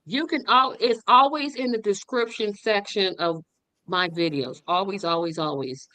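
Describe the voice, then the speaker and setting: A woman speaks as a guest on a video call, her voice bright and forceful. She talks with enthusiasm and repeats words for emphasis. The sound is dry and close, with no room around it. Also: mid-range voice, moderate pace, no room sound. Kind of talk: casual livestream chat.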